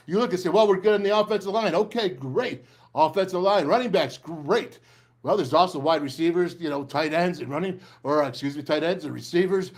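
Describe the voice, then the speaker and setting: Middle-aged man, emphatic sports talk host, pitched a touch high. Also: vocal fry. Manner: emphatic, ranting, repeats phrases for punch. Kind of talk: fired-up sports talk and live ad reads.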